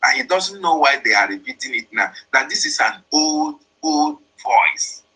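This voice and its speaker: A man's voice: fairly high pitch, very animated, moderate pace, pushed and bright, breathy edge, faint music behind, low-quality recording. A man, hosting political commentary, who explains a played voice message emphatically and repeats his points. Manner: emphatic, repetitive, explains each line. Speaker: host interpreting a played voice message.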